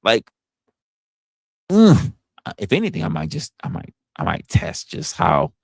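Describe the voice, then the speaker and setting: Young male streamer, lively low voice, chatty and stammering, dry room. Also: normal speed, vocal fry, husky, no echo. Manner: rambling, stammering restarts, animated put-on quotes. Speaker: livestream host. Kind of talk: casual unscripted livestream chat.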